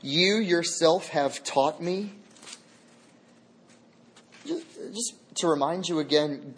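A man's voice: fairly high pitch, a little hiss or hum. A man preaching a sermon as a pastor, emphatic and repeating key phrases for weight.

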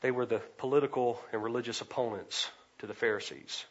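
A man preaching an expository sermon, swinging between loud emphasis and quiet asides. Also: medium pitch, fairly even intonation, brisk, dull audio. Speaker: pastor.

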